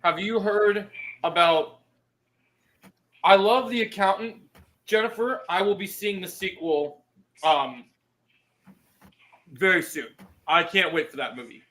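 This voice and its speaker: Easygoing man with a high, bright voice. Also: unhurried, pauses often, rough recording. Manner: easygoing, reads and answers chat. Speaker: live-stream host. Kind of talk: casual live-stream chat.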